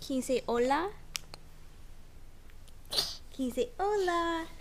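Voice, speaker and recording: Woman, high voice, baby-talk coaxing, noisy home video. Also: expressive, slow pace. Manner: sing-song coaxing baby talk, repeating questions. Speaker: family member coaching a toddler. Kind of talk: home video, talking to a toddler.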